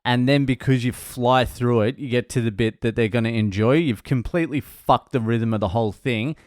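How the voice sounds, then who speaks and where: A stand-up comedian recounting gigs in a casual monologue, blunt and self-mocking, swearing freely. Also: male voice, medium pitch, normal speed, no echo, clean studio sound.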